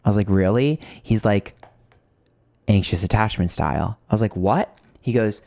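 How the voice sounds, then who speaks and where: Livestream host, male, lowish voice, chatty storyteller who swears a lot, dry close sound. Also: normal speed, warm tone, no echo. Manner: chatty storytelling, swears freely, greets viewers. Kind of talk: casual livestream chat.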